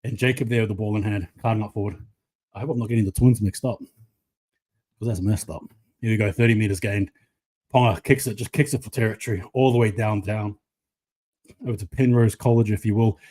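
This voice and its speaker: A man's voice: on the low side, fairly quick, pauses often. A man giving live, chatty play-by-play of a rugby league match to viewers from his own channel. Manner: excitable, chatty, casual play-by-play. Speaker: live reaction commentator.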